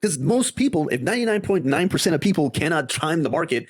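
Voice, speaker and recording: A man's voice: on the high side, fast talker, husky, no echo, studio quality. A man hosting a casual crypto investing walkthrough, talking through his screen in a chatty way and often tagging sentences with "right?". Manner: animated and conversational, with many tag questions. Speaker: crypto investing video host. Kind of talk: casual screen-share explainer.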